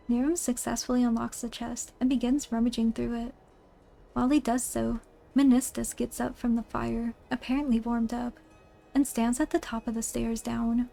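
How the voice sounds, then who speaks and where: A woman's voice: a little high, level tone, normal speed, creaky, mellow, faint music behind. A woman narrating a spooky play aloud, reading the stage directions in a plain storybook way.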